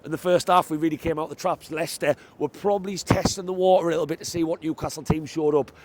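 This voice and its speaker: A man recording a post-match fan reaction vlog outdoors near a football stadium, talking into a handheld microphone in an excitable, chatty, emphatic way. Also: on the high side, fast talker, slight background noise.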